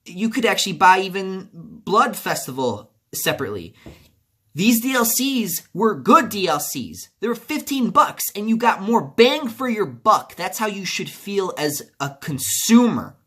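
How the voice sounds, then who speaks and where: Animated man ranting angrily about a game. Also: sits high, a little slow, husky. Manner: angry, profane, repetitive ranting. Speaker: gaming video creator. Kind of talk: video game commentary rant.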